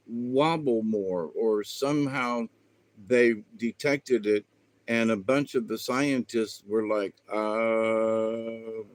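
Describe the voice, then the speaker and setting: A man hosting his own spiritual channel, talking in a meandering, folksy way with lots of fillers. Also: fairly low pitch. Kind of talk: rambling spiritual monologue.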